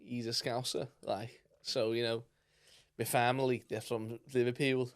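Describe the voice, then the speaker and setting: A man co-hosting a podcast, tipsy, throwing in quick remarks and laughing often. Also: medium pitch, level tone. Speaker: podcast co-host. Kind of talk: casual chat.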